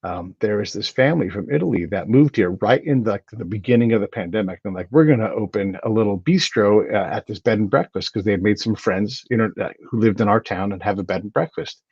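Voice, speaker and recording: A man hosting a podcast in casual chat, telling stories in an animated way with lots of restarts. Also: on the low side, brisk, few pauses, slightly rough, no echo, muffled recording. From United States. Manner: animated storyteller, chatty with frequent restarts. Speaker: podcast host.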